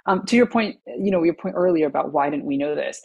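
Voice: mid-range voice, lively intonation, fast, gravelly, a little mellow, slightly rough, dull audio. An expert guest on a podcast, patiently explaining science step by step. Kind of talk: explanatory interview answers.

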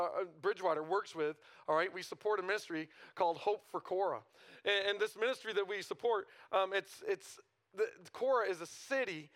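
A man's voice: high voice, sharp tone. A male pastor preaching a conversational sermon in a church, often asking the congregation rhetorical questions.

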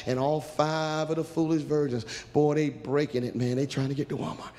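Animated preacher, echoing hall. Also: male voice, a little high, brisk, few pauses. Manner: animated, humorous, shouting preacher. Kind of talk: storytelling sermon. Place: church. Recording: echoey church hall.

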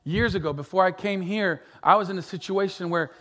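A middle-aged male pastor preaching a sermon earnestly, repeating words, building to emphatic peaks and dropping to soft, quiet lines. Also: high-pitched, a little fast.

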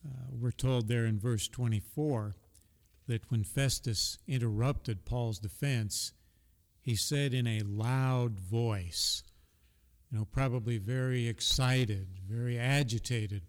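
Man reading scripture aloud, measured. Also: medium pitch, long reverb tail. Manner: reads scripture aloud, gives frequent soft affirmations. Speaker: Bible study co-host. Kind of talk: conversational Bible discussion with scripture reading.

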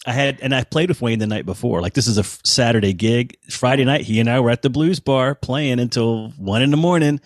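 A man in his fifties, a guest musician in a casual interview, telling animated anecdotes and acting out what people said. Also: medium pitch, fairly quick, hardly any pauses, no room sound, studio quality. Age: 50s. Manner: animated anecdotes, acts out quoted voices. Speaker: guest musician, touring bassist.

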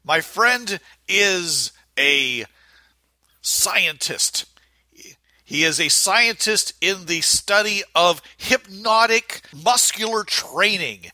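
A man voicing a pompous male dance instructor in a put-on Spanish accent, speaking grandly and slowly. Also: high-pitched, pushed and bright, no room sound, voice pushed up, heavily acted. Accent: mock Spanish.

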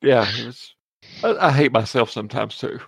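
A man's voice: medium pitch, animated, normal speed, creaky, slightly rough, no echo, studio quality. A man playing a tabletop game, chatting casually and joking with lots of laughs. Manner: jokey, laughing between lines. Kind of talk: casual chat.

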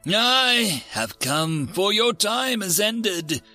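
A man voicing Death, a patient reaper who speaks in a measured, gently apologetic way. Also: sits high, very animated, no room sound, faint music behind, pitched above the performer's own voice, exaggerated voice. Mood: solemn. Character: Death, calm solemn reaper of all beings.

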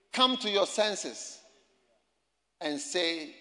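Man, preacher, high voice, bright and forceful, emphatic, echoey hall. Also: expressive, a little slow. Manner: emphatic, repetitive, storytelling. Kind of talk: sermon. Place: campus gathering.

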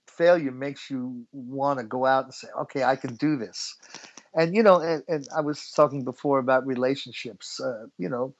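A man's voice: mid-range voice, moderate pace, dull audio. A middle-aged man from the United States telling stories as an interview guest, chatty and laughing often. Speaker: guest musician. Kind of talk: relaxed storytelling interview.

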